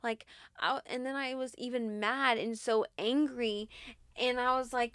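A woman's voice: on the high side, fairly even intonation, unhurried, fairly bright tone, clear, resonant tone, no echo, clean studio sound. A woman guest on a podcast, telling a personal story in an earnest, candid way with lots of filler words.

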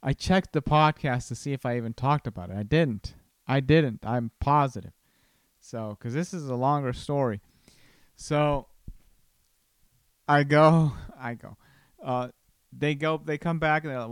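A man's voice: mid-range voice, unhurried, clear, resonant tone, no echo. A young man hosting a podcast, telling a story in a casual, rambling way with many restarts. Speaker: podcast host.

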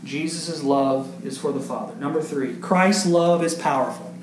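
Male pastor, high voice, emphatic sermon delivery, echoey sanctuary with faint hiss. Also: moderate pace. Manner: preaching with emphatic rises and questions to the congregation. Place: church sanctuary. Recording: echoey church room with faint background noise.

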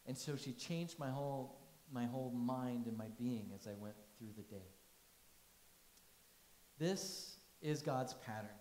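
A man's voice: mid-range voice, a little slow, a little mellow, reverberant, slight background noise, low-quality recording. A man giving a conversational sermon, telling stories and asking the congregation questions. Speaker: pastor.

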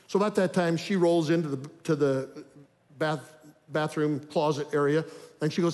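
A man's voice: a little high, fairly even intonation, normal speed, a little mellow. An older man telling an earnest, story-driven sermon about marriage. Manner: earnest, acts out inner thoughts in story. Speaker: preacher on marriage. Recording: long reverb of a large hall.

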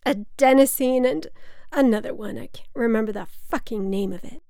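A woman's voice: mid-range voice, slow pace, darkish tone, no room sound, studio quality. A woman voicing her drunk, distraught older mother, who slurs her words and shrieks. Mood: slurring. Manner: slurred, shrieking, childlike.

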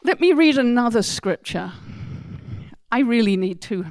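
An earnest woman preaching a sermon, her voice fairly high, smooth and clear. She talks slowly and with emphasis, dropping into soft asides and then rising to loud exclamations. The sound is close and dry. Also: animated, no echo. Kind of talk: sermon with scripture readings.

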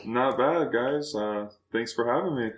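A man's voice: mid-range voice, unhurried, roomy sound, poor audio. A man appearing as a guest on a casual podcast, talking in an easygoing, modest way.

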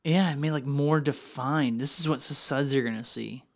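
A man's voice: medium pitch, normal speed. A man co-hosting a casual comedy podcast, playfully riffing on the jokes. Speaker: podcast co-host.

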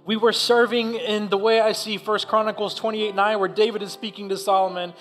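A man with a high voice gives a personal testimony from the pulpit. He speaks in a heartfelt, halting way, often restarting his phrases. A soft instrument plays faintly underneath. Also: flat delivery, faint music behind. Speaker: church speaker.

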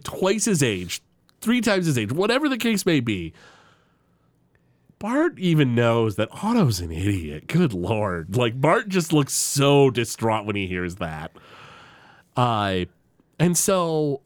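A man's voice: no echo, clean studio sound. A man co-hosting a podcast, retelling cartoon scenes in casual chat and filling them with "like" and "you know". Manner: animated, lots of "like" and "you know", jumps pitch for quoted lines. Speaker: podcast co-host recapping a cartoon episode.

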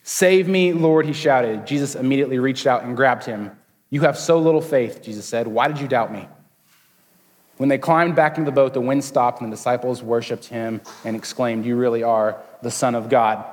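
A young man preaching a casual, joking sermon as a student pastor, slipping into quick voices for the people in his story. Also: medium pitch. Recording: long hall reverb.

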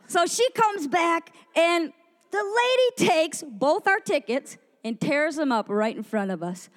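High-pitched lady preacher telling a lively story at a women's event, does all the voices. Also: normal speed, in a large hall. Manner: animated, acts out quoted voices. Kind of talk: storytelling sermon to a women's gathering.

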